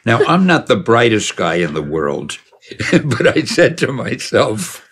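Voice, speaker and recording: A man's voice: medium pitch, sing-song, takes it slowly, pauses often, a bit bright, breathy edge. An older man telling a long personal story in a casual, digressive way, chuckling as he goes. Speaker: storyteller recalling his past. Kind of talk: casual spoken reminiscence.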